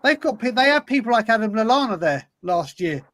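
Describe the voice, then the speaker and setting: A man's voice: high voice, big pitch swings, fairly quick, fairly bright tone, low-quality recording. A man hosting a football fan podcast, talking passionately and emphatically, often repeating himself for effect. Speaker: podcast host. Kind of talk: casual football chat.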